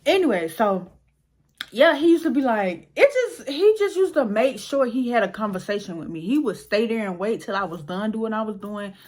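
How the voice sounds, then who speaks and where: A woman's voice: a little high, expressive, brisk, a little mellow. Give me a slangy young woman storyteller who acts out every voice. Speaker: storyteller vlogger. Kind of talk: casual storytime chat.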